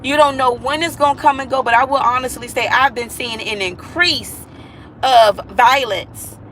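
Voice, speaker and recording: A woman's voice: high-pitched, moderate pace, a bit bright, slight background noise, rough recording. A mother talking to viewers in a casual vlog monologue, earnest and emphatic, repeating herself and pleading with listeners.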